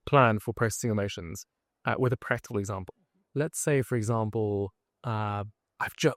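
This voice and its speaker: A man's voice: on the low side, no room sound, clean studio sound. A man hosting a podcast, asking a casual question and giving a made-up example, with fillers. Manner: conversational with fillers, gives a hypothetical example. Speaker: podcast host. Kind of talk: interview questions.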